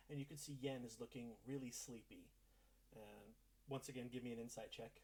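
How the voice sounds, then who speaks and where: A man's voice: mid-range voice, steady tone, normal speed, gravelly, darkish tone, slightly rough, low-quality recording. A man narrating a tabletop game as game master in a casual, descriptive way.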